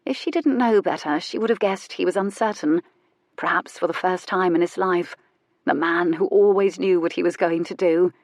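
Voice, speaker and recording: A woman reading a romance audiobook in a soft, measured, intimate narration. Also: on the low side, no echo.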